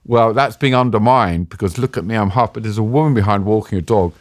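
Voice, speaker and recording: A middle-aged British man tells a war story in a lively, self-deprecating way. His voice sits on the low side, and he acts out the lines he quotes. It is recorded close and dry on a podcast mic. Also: fast, dry recording. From Britain. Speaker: interview guest, war journalist. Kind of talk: animated anecdotal storytelling.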